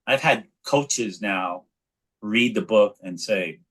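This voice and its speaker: A man's voice: fairly low pitch, takes it slowly. A man in his forties from New York, telling stories animatedly as an interview guest. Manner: animated storyteller, frequent restarts. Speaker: guest, actor and children's author. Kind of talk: casual interview chat.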